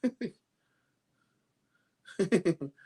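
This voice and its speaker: A man's voice: sits high, animated, drawn-out words, mellow, breathy edge. A man with a Nigerian accent talking casually to camera, amused and incredulous, laughing often as he comments. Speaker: vlogger.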